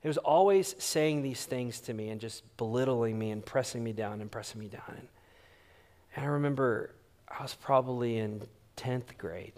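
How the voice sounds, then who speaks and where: Speaking at normal speed with a medium-pitched voice, this pastor weaves stories into his sermon. He's an animated storyteller who performs the quotes himself.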